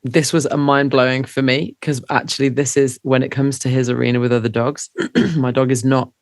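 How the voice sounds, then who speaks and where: Gravelly enthusiastic podcast host. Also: male voice, medium pitch, level tone, a little fast, no echo, studio quality. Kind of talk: podcast interview.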